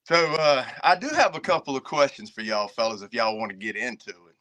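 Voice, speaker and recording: A man's voice: medium pitch, animated, fairly quick, fairly bright tone. A middle-aged man with a Southern Virginia accent, chatting folksily on a podcast as a guest and chuckling often. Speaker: guest caller. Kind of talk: casual podcast chat.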